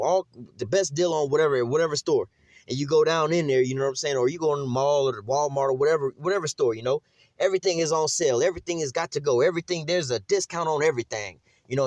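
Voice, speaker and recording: A man's voice: fairly high pitch, a little mellow, dry recording. A man giving casual, rambling commentary on scripture, blunt and full of slang, often saying "whatever, whatnot" and "you see what I'm saying". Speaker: religious teacher.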